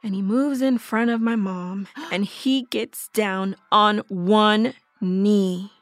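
A woman narrating a first-person horror audio drama, telling it breathlessly with halting restarts. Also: mid-range voice, fairly even intonation, dry recording, lightly acted. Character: young woman recalling a family horror.

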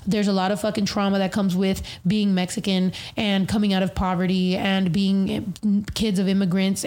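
A young woman hosting a casual podcast, telling stories in a profane, animated way with lots of fillers. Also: medium pitch. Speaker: podcast host.

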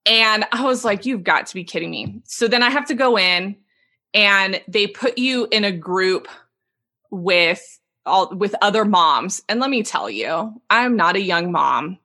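A woman in her thirties, a podcast guest telling a personal story in an animated way and laughing as she talks. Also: medium pitch, a little slow. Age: 30s. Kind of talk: casual interview storytelling.

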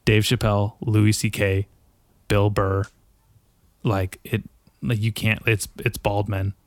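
Podcast guest, man, a little drunk, blunt and emphatic, low voice with a dry sound. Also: flat delivery, slow pace, dry recording. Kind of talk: casual chat.

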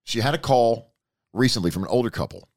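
A man's voice: medium pitch, animated, quick pace, a little mellow. A man hosting a podcast in casual, rambling, folksy chat. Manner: rambling, folksy, repeats himself. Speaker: podcast host.

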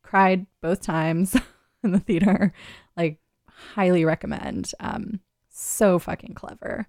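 Brief: woman radio host, chatty and rambling, some vocal fry, dry close sound. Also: fairly low pitch, fairly even intonation, takes it slowly, darkish tone, no echo. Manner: chatty, rambling, laughs often. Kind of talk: casual radio chat.

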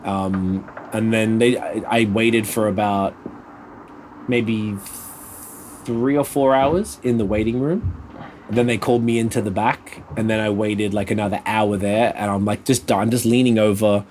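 A man in pain telling a rambling, sweary story in casual chat over a call, sounding a little flat. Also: lowish voice, unhurried, a little hiss or hum. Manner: laid-back, swears often, rambling. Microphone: video call.

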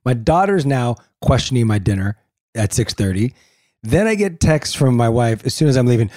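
A middle-aged man co-hosting a relaxed talk, recounting family mishaps with animated impressions. His voice is warm and mellow, recorded close and dry. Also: mid-range voice, normal speed, no room sound. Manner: animated storyteller, mimics family members. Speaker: podcast co-host. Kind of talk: casual chat.

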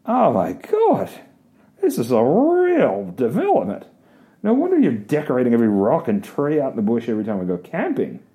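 A man voicing his brash, pushy girlfriend, loud and crude, with lots of swearing. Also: fairly high pitch, expressive, measured pace, hardly any pauses, pitched above the performer's own voice. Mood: amazed. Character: brash bossy young woman, crude and loud.

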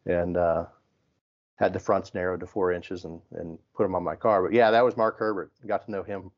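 A man's voice: sits low, moderate pace, dull audio. A man from the Midwest telling stories in casual chat and acting out what people said. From American Midwest. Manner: animated storyteller, acts out quotes.

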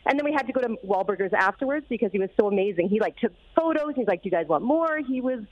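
A woman's voice: a little high, quick pace, no echo. Upbeat lady radio cohost gushing about a story, kinda muffled audio. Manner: bubbly, excited storyteller. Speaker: radio show co-host. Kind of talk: casual radio chat.

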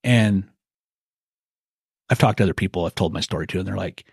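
A middle-aged man, a guest, telling a hunting story in a folksy, animated way and acting out quotes. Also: sits low, a little fast, creaky, pauses often, husky, no room sound, clean studio sound. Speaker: guest elk hunter.

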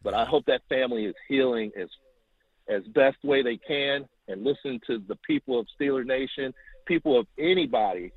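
A man calling in to tell a long story, animated and acting out quotes, heard over the phone. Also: moderate pace, dry recording. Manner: animated, acts out quotes with rising pitch. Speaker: caller. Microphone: telephone. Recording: tinny phone line.

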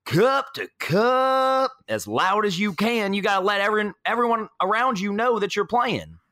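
A man doing a loud North Carolina party guy. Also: high-pitched, brisk, no echo, clean studio sound, pitched above the performer's own voice, exaggerated voice. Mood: insistent. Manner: pushy, excitable, loud. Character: loud outgoing male tailgater.

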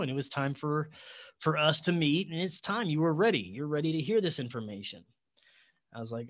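A man with a slightly higher voice talks through a personal story in casual interview style. He is earnest and animated, slips into quoted back-and-forth and breaks into short laughs. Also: moderate pace. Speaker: guest.

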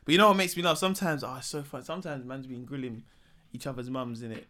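A young man, chatting casually and acting out the people in his stories in a slangy, animated way. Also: medium pitch, quick pace. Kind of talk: casual chat, storytelling.

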